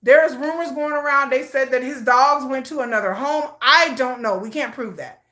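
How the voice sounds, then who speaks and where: A woman's voice: high-pitched, normal speed, sharp tone, roomy sound. A woman giving casual, emotional commentary, often repeating herself. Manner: emotional, repetitive, restarts often. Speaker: commentary vlogger.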